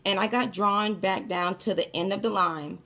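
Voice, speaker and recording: A woman's voice: medium pitch, fairly even intonation, normal speed, sharp tone. A woman casually telling listeners about a frightening dream, chatting directly to them. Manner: chatty, addresses listeners as y'all. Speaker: storyteller recounting a dream. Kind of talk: casual spoken testimony.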